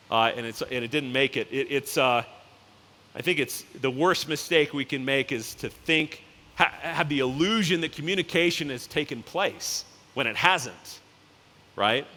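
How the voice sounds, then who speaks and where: A man's voice: medium pitch, expressive, pushed and bright. A man, a company CEO, giving a casual conference keynote and acting out characters in his stories. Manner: casual, anecdotal, acts out the characters in quick voices. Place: large conference hall. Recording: reverberant hall.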